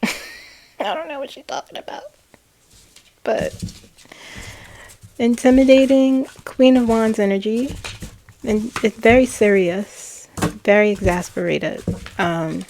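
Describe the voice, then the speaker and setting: A woman tarot reader relaying channeled messages, slow and hesitant, with frequent ums and self-corrections. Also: medium pitch, a little mellow, slight background noise.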